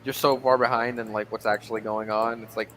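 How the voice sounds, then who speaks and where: A man's voice: on the low side, little pitch movement, fairly quick, a bit bright, faint music behind, rough recording. A man chatting casually on a political voice call, rambling with lots of fillers and laughs. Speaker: voice-call guest.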